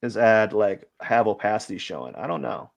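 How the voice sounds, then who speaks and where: A man's voice: fairly low pitch, very animated, normal speed, gravelly, highs cut off. A man hosting a live drawing stream, giving casual commentary as he works and thinking aloud in a rambling way, with lots of fillers.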